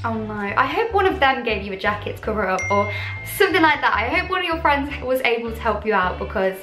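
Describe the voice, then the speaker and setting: Young british woman, high voice, bubbly and chatty, echoey room, faint music. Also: very animated, fast. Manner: bubbly, chatty, sympathetic, self-deprecating. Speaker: YouTuber. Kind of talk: casual reaction vlog.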